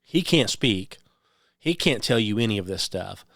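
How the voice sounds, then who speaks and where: A man's voice: on the low side, lively intonation, measured pace, a bit bright, dry recording, studio quality. A man hosting a radio show, talking in a rambling monologue that is peppered with "um" and "okay?". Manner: conversational, repeats "okay?" and "um" often.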